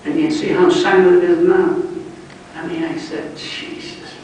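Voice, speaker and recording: A man, telling blunt stand-up stories in gruff street talk at a book signing. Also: high voice, little pitch movement, unhurried, a little mellow, a little hiss or hum. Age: 80s. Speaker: comedian. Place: large club function room. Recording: distant mic in an echoey room.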